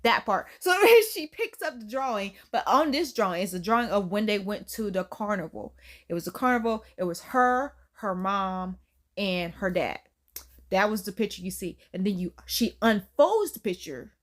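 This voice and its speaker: A woman giving a casual, animated movie recap, chatty and slangy, often laughing. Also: mid-range voice, normal speed. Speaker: YouTube film reviewer.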